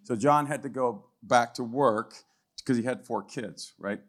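Older man, guest speaker, church testimony, chatty storytelling, keeps asking "right?", frequent throat clearing. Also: medium pitch, measured pace. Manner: conversational, tags lines with "right?", clears throat often. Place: church hall, live event.

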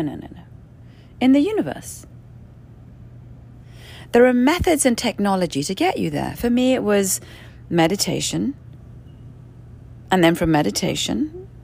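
Indoors at a rented place, a woman recounts a spiritual experience in a candid monologue, profane and emphatic, frequently breaking into laughter. She has a creaky, husky, mid-range voice with a darkish tone.

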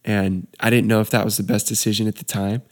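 Young male storyteller, casual, slightly low voice, easygoing. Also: level tone, fast, a little mellow. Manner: laid-back, says dude and you know a lot. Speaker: wedding DJ telling a story.

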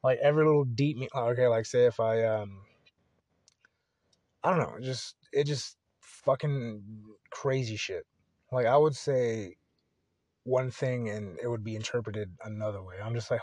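Young man, podcast host, rambling profane monologue, middle pitch, dry close mic. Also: measured pace, long pauses, dry recording. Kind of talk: casual solo podcast monologue.

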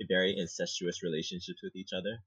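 A man's voice: deep voice, flat delivery, fast, a bit bright, slightly rough, no room sound. A man co-hosting a casual book podcast, making wry, joking asides about the plot. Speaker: podcast co-host. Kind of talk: casual book discussion chat. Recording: dull, dry, lo-fi mic.

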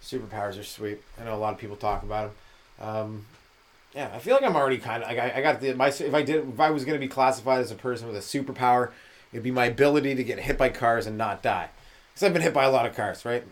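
A male comedian riffs alone on his podcast, loose and profane, ambling from one tangent to the next. His voice sits in an ordinary middle pitch, and he slips into quick mocking impressions of the people he talks about. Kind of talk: rambling solo comedy monologue.

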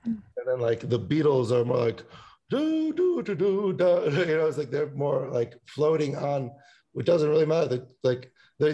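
Casting: gravelly-voiced male musician, rambly and profane, podcast guest. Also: medium pitch, warm tone. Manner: rambling, swears a lot, sings snippets. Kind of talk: casual podcast chat.

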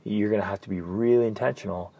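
Brief: earnest male podcast host and coach, low, husky gravel in the voice, shifts down to hushed emphasis. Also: fairly even intonation, fast talker, no echo. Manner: earnest, storytelling, drops to soft near-whispered emphasis. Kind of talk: casual podcast chat.

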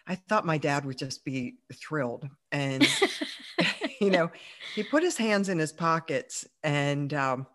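A woman's voice: sits low, lively intonation, a little slow, a bit bright. A woman as an interview guest, chatting through a personal story with plenty of fillers and easy laughs. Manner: chatty, many fillers, laughs while telling.

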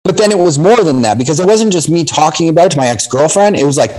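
A man's voice: on the high side, lively intonation, quick pace, darkish tone, low-quality recording. Man telling war stories, swearing. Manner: intense storytelling, heavy swearing. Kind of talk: casual conversation.

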